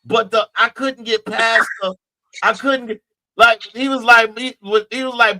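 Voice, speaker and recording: A man's voice: very high-pitched, steady tone, unhurried, pushed and bright, poor audio. A man from New Jersey co-hosting a podcast, chatting casually about movies with lots of restarts and repeated words. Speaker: podcast co-host.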